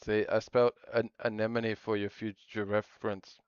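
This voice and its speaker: A man with a low, smooth, resonant voice chats through a live stream at normal speed with a flat delivery. He's jokey and rambling, often trailing off and restarting his thoughts, and the sound is dry and a bit muffled with no room sound.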